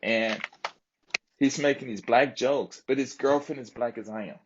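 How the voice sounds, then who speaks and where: A man's voice: mid-range voice, normal speed, dull audio, noisy background. A man telling a long story on a live stream in a rambling way, with lots of fillers and asides. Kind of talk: casual storytelling chat.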